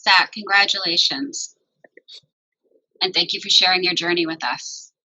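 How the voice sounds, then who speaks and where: A woman's voice: on the low side, fairly even intonation, a little slow, sharp tone, poor audio. A woman hosting a tribute event, reading prepared introductions of the honorees. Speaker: event host.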